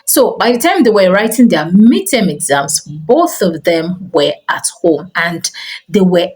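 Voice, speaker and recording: A woman's voice: mid-range voice, poor audio. A middle-aged woman, a teacher and school owner telling a personal story to camera and often saying "you know". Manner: animated storyteller, frequent "you know" fillers. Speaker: teacher and school owner giving parenting advice.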